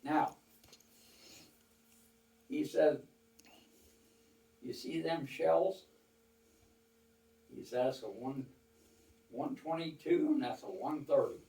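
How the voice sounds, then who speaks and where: Speaking slowly with long pauses, an older man in a fairly high, gravelly, dark-toned voice casually tells a small audience folksy, meandering war stories, often quoting others at length. The audio is roomy and recorded well away from the mic.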